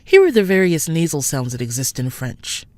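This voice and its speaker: Female language teacher, deep, deliberate delivery, dry close recording. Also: sing-song, no echo. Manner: clear, deliberate, slows to model sounds. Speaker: French pronunciation teacher. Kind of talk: scripted lesson narration.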